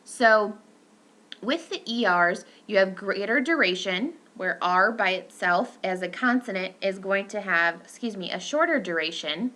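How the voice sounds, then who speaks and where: A woman's voice: mid-range voice, expressive, a little slow, sharp tone. A young adult woman giving a recorded lecture, explaining step by step with fillers and self-corrections.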